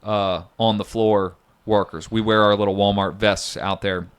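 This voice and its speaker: A man's voice: lowish voice, level tone, normal speed, smooth. A man co-hosting a podcast in casual chat, rambling and jokey, often mocking himself. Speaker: podcast co-host.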